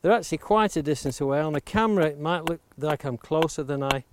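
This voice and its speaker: A man's voice: on the high side, fast talker, no echo. A man teaching woodworking outdoors by the coast, explaining each step patiently as he carves with an axe and stressing safety. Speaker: woodworking instructor. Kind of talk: hands-on demonstration. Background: axe chopping clicks.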